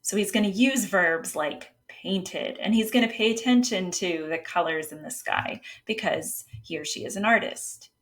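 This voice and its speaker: A woman's voice: medium pitch, normal speed, few pauses, a bit bright. A woman editor explaining writing technique in a casual, patient way, with occasional fillers and restarts. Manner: reads example passages aloud. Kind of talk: casual instructional talk.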